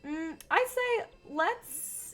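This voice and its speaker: A woman's voice: very high-pitched, animated, drawn-out words, soft background music. A woman streaming a game, chatting casually with her viewers and thinking aloud, nursing a slightly sore throat. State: sore throat, sipping tea. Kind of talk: casual game livestream chat.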